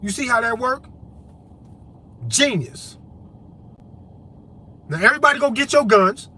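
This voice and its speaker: A man's voice: extremely high pitch, lively intonation, a little slow, pushed and bright. A man vlogging an impassioned monologue to camera, profane, emphatic and preachy, hammering points with repetition. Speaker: vlogger and activist.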